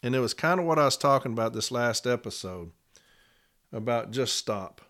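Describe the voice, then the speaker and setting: A man speaking as a union representative in a casual podcast monologue. He tells his account plainly and repeats case numbers slowly. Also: medium pitch, lively intonation, a bit bright.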